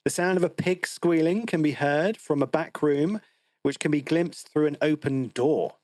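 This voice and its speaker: A man's voice: on the high side, normal speed, a little mellow, no echo. A man co-hosting a film podcast, recapping the plot in a wry, teasing way. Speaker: podcast co-host. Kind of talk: casual film discussion.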